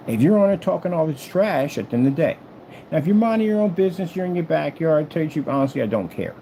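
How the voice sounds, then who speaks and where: A man showing off his product in a vlog, taunting a rival and repeating his jabs. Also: slight background noise. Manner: taunting and trash-talking, repeats phrases; animated swings between loud and low. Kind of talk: boastful product demo vlog.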